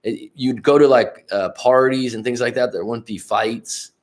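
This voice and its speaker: A man's voice: medium pitch, fairly even intonation, normal speed. Rambling, profane male livestream coach. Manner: rambling, profane, addresses chat viewers directly. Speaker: life coach hosting a livestream. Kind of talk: casual livestream chat with viewers.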